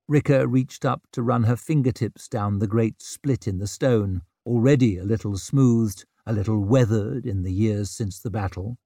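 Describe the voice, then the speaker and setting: A man narrating a novel in a measured, unhurried way. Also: on the low side, mellow, slightly rough, no room sound, clean studio sound. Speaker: audiobook narrator. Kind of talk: scripted narration.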